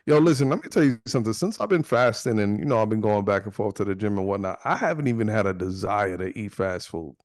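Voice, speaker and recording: A man co-hosting a casual podcast, loud and excitable, joking and swearing as he talks. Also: on the low side, quick pace, few pauses, dry recording, clean studio sound. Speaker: podcast co-host. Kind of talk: casual banter.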